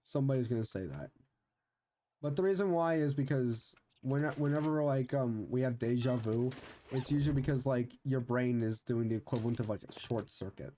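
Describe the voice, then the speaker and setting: A man's voice: mid-range voice, fairly quick, mellow, a little hiss or hum. A young man streaming a game, chatting casually and rambling with many restarts. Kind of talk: casual chat while gaming.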